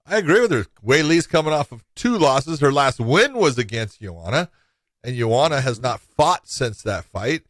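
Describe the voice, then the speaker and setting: A man co-hosting a sports podcast, talking in an animated, storytelling way and often poking fun at himself. His voice sits at a medium pitch, recorded close and dry with no room sound. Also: normal speed, no echo. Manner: animated storyteller, acts out quotes. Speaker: podcast co-host. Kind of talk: casual sports chat.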